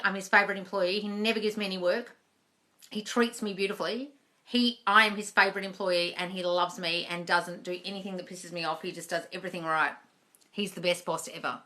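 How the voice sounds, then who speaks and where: Young woman coach on a live q&a, bright sharp voice, chatty, swears a bit. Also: medium pitch, fairly even intonation, fairly quick. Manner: chatty, blunt, swears casually. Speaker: manifestation coach. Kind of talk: casual live-stream Q&A.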